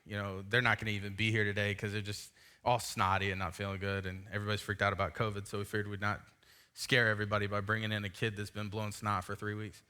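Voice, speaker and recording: Bright-voiced man preaching casually. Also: fairly low pitch, monotone, fast talker, smooth. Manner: casual and self-mocking storytelling. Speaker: pastor. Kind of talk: sermon with personal story. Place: church sanctuary.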